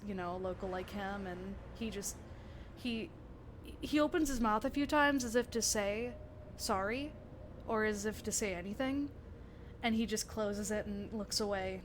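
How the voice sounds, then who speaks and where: A woman's voice: mid-range voice, background noise. A woman game master narrating a tabletop role-playing scene, rambling and laughing often.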